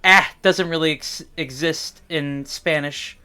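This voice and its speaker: Bright, crisp-voiced Midwestern man chatting. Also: medium pitch, moderate pace, faint music behind. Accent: Midwestern American. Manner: chatty, musing, drifts into playful put-on accents. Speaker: streamer. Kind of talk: casual chat on a livestream.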